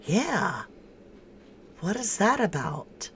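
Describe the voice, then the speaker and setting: A woman's voice: mid-range voice, big pitch swings, drawn-out words, a bit bright, a little hiss or hum. A woman hosting a true crime livestream in casual commentary, thinking aloud and answering viewers' chat comments by name with frank disbelief.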